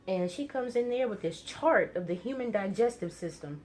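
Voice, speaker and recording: A young woman talks through a personal story in a casual vlog. She uses plenty of fillers and trails into quick, rising bursts at tense moments. Her pitch sits in the middle for a woman. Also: expressive, a little mellow, faint music behind. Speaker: vlogger.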